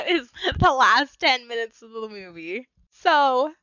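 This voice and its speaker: Bright-voiced woman, dry lo-fi sound. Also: high-pitched, slow pace, dry recording. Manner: animated, laughs often, emphatic retelling. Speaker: podcast co-host. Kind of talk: casual film review chat.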